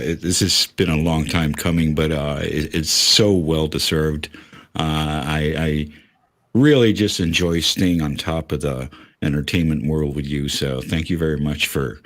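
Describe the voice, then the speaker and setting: A man, a guest panelist, giving sincere, measured praise in casual livestream chat. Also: rumbling low.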